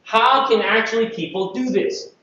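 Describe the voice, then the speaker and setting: Presenting at a conference, a Filipino man speaks in a high, bright voice with a forceful tone at normal speed. He keeps things playful, engages the audience, checks they're keeping up, and acts out quotes. The audio comes from an echoey large room through a distant, dull mic.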